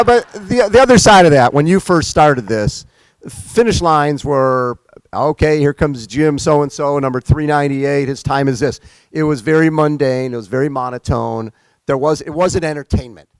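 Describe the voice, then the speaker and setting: A man's voice: a little high, dry recording, poor audio. A man hosting a casual chat with a guest, asking questions with a teasing, joking manner. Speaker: host. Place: indoor club event.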